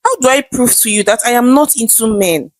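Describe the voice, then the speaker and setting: A woman's voice: on the high side, brisk, no echo, close to an everyday voice. A woman voicing a young husband who defends himself and begs his wife to stay. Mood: pleading.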